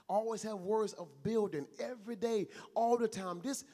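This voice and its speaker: A man's voice: high voice, darkish tone. A man preaching an earnest, conversational sermon, repeating phrases and acting out everyday dialogue. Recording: long hall reverb.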